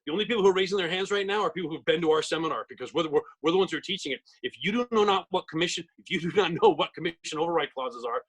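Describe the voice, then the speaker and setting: Fast-talking husky man pitching a webinar. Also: expressive, rough recording. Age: middle-aged. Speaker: real estate trainer. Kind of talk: webinar presentation.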